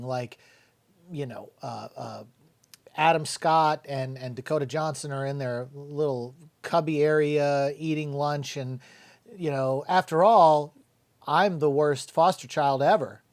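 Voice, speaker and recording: Middle-aged man, film reviewer, blunt and profane, mocks what he reviews, slightly high voice. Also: darkish tone. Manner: blunt, swears freely, mocking quotes of lines. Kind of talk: casual spoken movie review.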